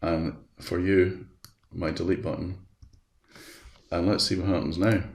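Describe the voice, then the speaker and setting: Male webinar presenter, low gravelly voice, talks through each click in a chatty way, roomy echo. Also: level tone, a little slow, darkish tone. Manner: chatty, walks through steps aloud. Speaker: education specialist presenting a webinar. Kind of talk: live software demonstration. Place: at his computer.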